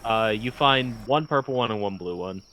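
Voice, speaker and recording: Bright-voiced man running a tabletop game. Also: on the low side, moderate pace, a little hiss or hum, poor audio. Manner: descriptive, easygoing narration with fillers. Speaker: game master.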